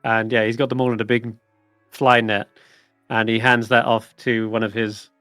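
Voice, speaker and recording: A man's voice: mid-range voice, level tone, moderate pace, a bit bright, no room sound, clean studio sound, faint music behind. Casual male game narrator. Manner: casual, rambling with fillers. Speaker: dungeon master.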